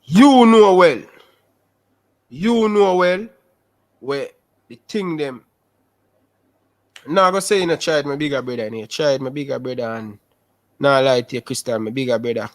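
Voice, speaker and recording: A young man with a Jamaican Patois accent, telling his life story in a casual interview over a video call, animated and repetitive. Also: mid-range voice, brisk, long pauses. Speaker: interview guest.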